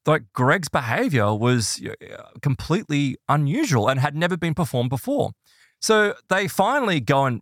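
Animated storytelling man, lively pitch. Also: no room sound, studio quality. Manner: animated, voices quoted people in higher pitch. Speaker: podcast host telling a ghost story. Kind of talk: casual storytelling chat.

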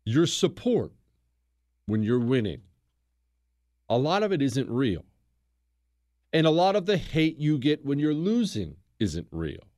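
A man's voice: mid-range voice, a little slow, pauses often, dry recording. Chatty male host, dry close sound. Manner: conversational, animated storytelling. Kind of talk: casual history talk show.

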